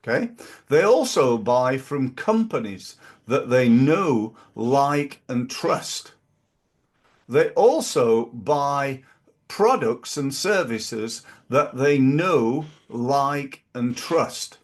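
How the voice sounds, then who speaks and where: A man's voice: mid-range voice, lively intonation, slow. A man talking casually about marketing as a business coach, rambling and acting out little scenes.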